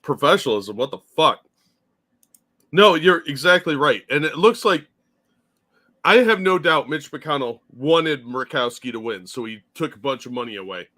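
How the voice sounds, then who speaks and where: A man's voice: a little high, lively intonation, moderate pace, sharp tone. A man co-hosting a casual political talk stream, blunt and profane as he rants.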